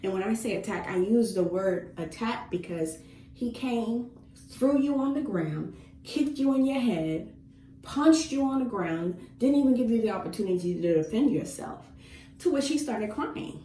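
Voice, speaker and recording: A woman's voice: fairly high pitch, lively intonation, normal speed, dark tone. A woman casually venting as she cuts her hair, retelling talks with her son and repeating phrases for stress. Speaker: vlogger, mother. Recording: echoey room, mic at a distance.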